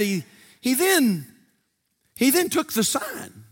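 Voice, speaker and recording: An older man, preaching a sermon from a church pulpit in a fervent, sing-song cadence that rises to shouts. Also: extremely high pitch, big pitch swings, measured pace, pauses often. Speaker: pastor.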